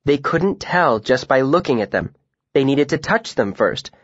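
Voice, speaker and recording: A man voicing a poised, confident young female student telling a story in measured sentences. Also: medium pitch, animated, breathy edge, no echo, dull audio.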